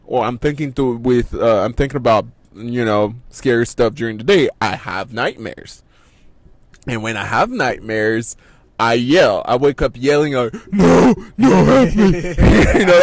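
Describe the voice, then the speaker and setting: A man's voice: mid-range voice, dry recording. Rambling, laughing man telling a story. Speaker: podcast co-host. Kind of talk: casual storytelling chat.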